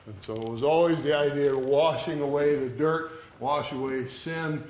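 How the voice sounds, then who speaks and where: A man's voice: fairly high pitch, darkish tone, slight background noise. A man teaching an adult Bible study class in a conversational way, acting out short bits of dialogue as he explains. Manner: slow, conversational teaching that acts out quoted dialogue.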